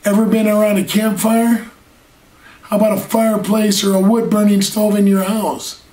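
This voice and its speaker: Speaking at a moderate pace, a man with a high-sitting, slightly mellow voice and little pitch movement delivers an earnest sermon. He stretches key words and asks rhetorical questions, recorded from afar in an echoey room.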